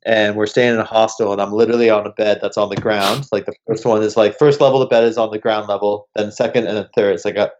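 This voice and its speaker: A young man, a podcast guest, telling animated travel stories in casual chat and swearing freely. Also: on the low side, quick pace, few pauses. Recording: dull lo-fi recording.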